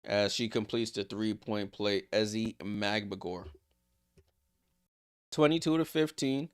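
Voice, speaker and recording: Guy doing casual play by play on his stream, gets loud and high on big plays, laughs and talks to chat. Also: slow pace, pauses often, clean tone. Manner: excitable, rises in pitch on big plays, drops low and quiet for side remarks. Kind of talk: casual live play-by-play commentary with chat asides.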